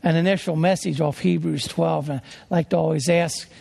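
A man's voice: fairly high pitch, fairly even intonation, fairly quick, gravelly, a little mellow, breathy edge. A man preaching a sermon as a traveling preacher, earnest and emphatic as he tells stories.

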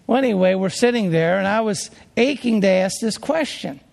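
A man's voice: high-pitched, animated, moderate pace, vocal fry, long reverb tail. A man from Pennsylvania, a pastor telling a story in an earnest, conversational sermon with frequent restarts.

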